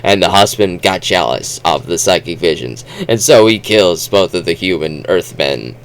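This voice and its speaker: A man with a low voice reviews a book in a loose, rambling vlog. He talks in a lively, swooping way, breaks off halfway through sentences and starts them over, and keeps the feel of offhand chat. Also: clear, resonant tone. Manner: rambling, halting, with restarts.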